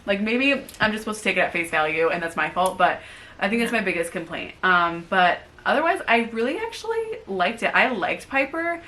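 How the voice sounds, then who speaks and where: Bright-voiced young woman ranting casually. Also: mid-range voice, a little fast. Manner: rambling, filler-heavy, animated ranting. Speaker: co-host. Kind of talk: casual book review chat.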